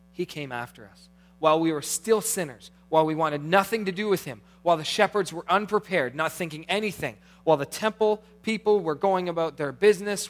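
Preaching as pastor, a middle-aged man ranges from whispered, intimate sections to animated, rising ones. His voice leans high, and there's a little hiss or hum on the recording.

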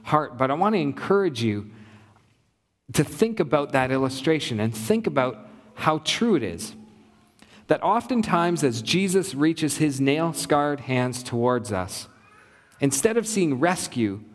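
A male pastor delivers an earnest sermon in a fairly high voice, building his points through rhythmic repetition. His words ring out with a long reverb, as if he is speaking in a large church. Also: very animated, unhurried.

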